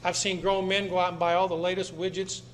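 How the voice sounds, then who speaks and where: Middle-aged male speaker, blunt and insistent, higher-pitched voice, echoey meeting room with faint noise. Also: level tone, quick pace, a bit bright. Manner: blunt, emphatic, repeats phrases for effect. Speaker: speaker addressing an audience. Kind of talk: public talk to a live audience. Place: meeting room with seated audience.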